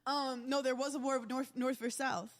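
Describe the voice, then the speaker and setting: A woman's voice: high voice, fairly even intonation, fairly quick. A woman from the New area, a podcast guest who is brash and teasing and swears freely in casual chat. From New York area.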